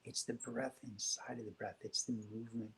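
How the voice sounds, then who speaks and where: A man speaking as a guest on a spiritual talk show, telling stories in a gentle, reflective way. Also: mid-range voice, steady tone, brisk, gravelly, slight background noise, rough recording.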